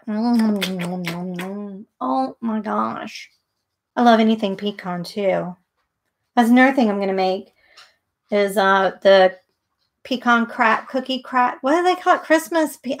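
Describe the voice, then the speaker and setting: A woman's voice: medium pitch, normal speed. A middle-aged woman hosting a live painting tutorial, chatting and thinking aloud as she works. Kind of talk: live painting demo with casual chat.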